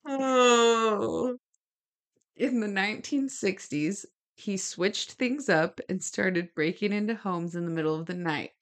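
A woman's voice: mid-range voice, slow pace. A woman co-hosting a podcast, telling a true-crime story from her notes with chatty asides. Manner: gestures while talking. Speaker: podcast co-host.

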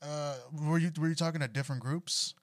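A man hosting a casual interview, throwing in quick encouraging follow-up questions. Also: a little high, steady tone, no room sound, studio quality. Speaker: host.

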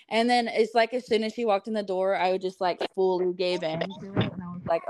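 A woman's voice: medium pitch, a little fast, hardly any pauses, a little mellow. A woman guest on a podcast, casually telling a story in a chatty way with lots of fillers. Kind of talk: casual chat.

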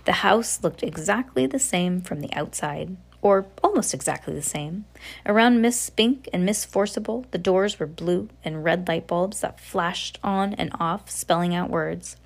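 A woman reading a novel aloud in a steady voice, now and then slipping and correcting herself. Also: fairly low pitch, measured pace, vocal fry. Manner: steady reading with occasional slips and self-corrections. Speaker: audiobook reader.

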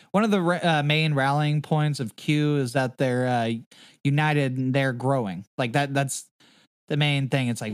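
A man's voice: on the high side, smooth, no room sound, clean studio sound. A man hosting a podcast in casual chat, rambling and swearing freely. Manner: rambling, heavy swearing, fillers. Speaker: podcast host.

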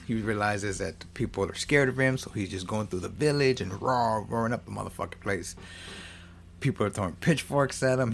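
A man with a fairly low voice recaps a cartoon film's plot in a loose, casual way, swearing freely and often restarting his sentences. A faint hum sits under the recording. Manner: loose, profane storytelling with frequent restarts. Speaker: movie recapper.

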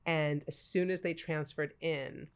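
Femme d'une quarantaine d'années, conteuse animée. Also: female voice, low-pitched, a little slow, very noisy. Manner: animated storyteller, acts out quotes, laughs often. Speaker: podcast guest. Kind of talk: casual chat.

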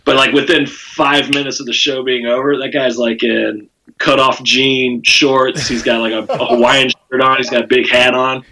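A man's voice: medium pitch, little pitch movement, normal speed, pushed and bright, a little hiss or hum, low-quality recording. A man with a Southern US accent, a comedian telling stories in a casual podcast chat, rambling with lots of fillers and cursing. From South Carolina. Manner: rambling storytelling with frequent fillers and profanity. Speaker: comedian guest.

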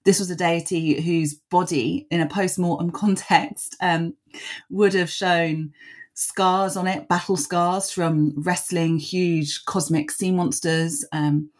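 A woman's voice: fairly low pitch, steady tone, takes it slowly. A woman author and scholar answering interview questions at length, thoughtful, with many ums and small laughs at herself.

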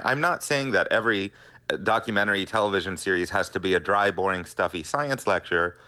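A man's voice: fairly low pitch, bright, forceful tone. A middle-aged man, a scientist guest on a radio interview, explaining earnestly.

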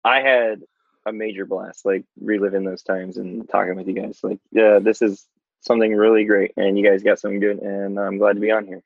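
A man, a podcast guest, reminiscing in relaxed casual chat and chuckling at old memories. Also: fairly low pitch, fairly quick, vocal fry, no echo. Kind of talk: casual chat over remote call. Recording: dull remote line with faint hiss.

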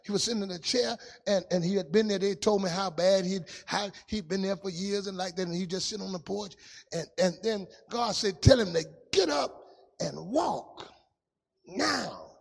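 A man preaching a testimony sermon in a sing-song style, dropping to a hush and rising to shouts. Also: high-pitched, steady tone, brisk, big-room sound.

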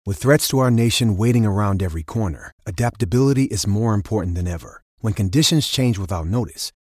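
A man reading a serious, measured, scripted ad narration. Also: fairly low pitch, darkish tone, no echo, studio quality.

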